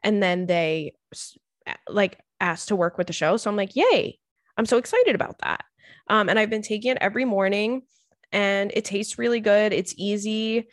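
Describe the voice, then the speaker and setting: A young woman hosts a casual podcast, telling stories in a chatty, animated way, laughing often and swearing freely. Her voice sits at an ordinary middle pitch. It is recorded close and dry, with no room sound. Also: moderate pace, no room sound. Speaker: podcast host reading listener stories. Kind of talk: casual chat.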